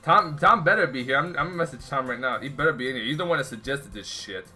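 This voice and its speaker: While playing on stream, a young man vents and swears, rambling to viewers and friends in casual commentary. He talks fast at medium pitch, bright and forceful, with lively intonation over faint background music.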